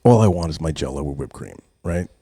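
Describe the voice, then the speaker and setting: A man in his forties, a podcast co-host, telling a story in casual chat, swearing often and acting out his own yelling. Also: rumbling low, lively intonation, brisk, breathy edge, no echo, clean studio sound.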